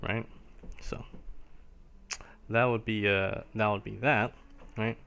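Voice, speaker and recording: A man's voice: lowish voice, level tone, takes it slowly, creaky, fairly bright tone, smooth. A man teaching piano on a live stream, explaining ideas patiently and checking in with a constant questioning "right?" as he goes. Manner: explains patiently, ends nearly every phrase with a questioning "right?". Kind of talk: live-streamed music lesson.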